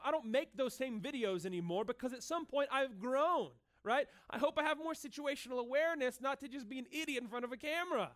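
A male pastor preaching a sermon in a lively, conversational, joking manner, in a room with an audience. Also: very high-pitched. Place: room with cameras and a listening crowd.

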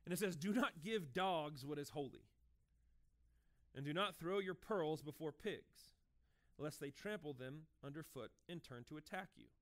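A man in his thirties preaching a sermon in a conversational, animated way, acting out short dialogues as he goes. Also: fairly high pitch, moderate pace. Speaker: pastor.

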